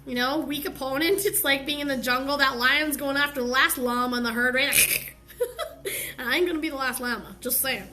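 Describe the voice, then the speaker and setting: Young woman talking straight from the heart on a live, high bright voice, slangy and candid. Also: fairly even intonation, brisk. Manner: candid, confessional, with slangy asides. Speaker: host of a live stream. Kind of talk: heartfelt motivational talk.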